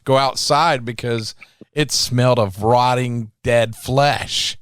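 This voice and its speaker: Man, interview host, smooth voice, dry close sound, laid-back, casual swearing. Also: medium pitch, fairly even intonation, takes it slowly, a bit bright, no room sound.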